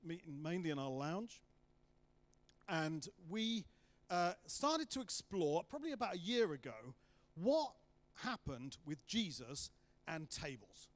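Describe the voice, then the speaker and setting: A man giving a guest sermon in a church hall, chatty and joking with asides. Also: on the high side. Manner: jokey and chatty, self-deprecating asides. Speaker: guest preacher.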